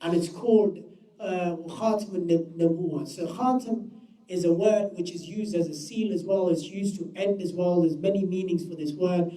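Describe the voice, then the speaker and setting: A man giving a religious storytelling lecture, animated and acting out the quotes, recorded from a distant mic in a roomy space. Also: sits high, normal speed. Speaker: Islamic lecturer.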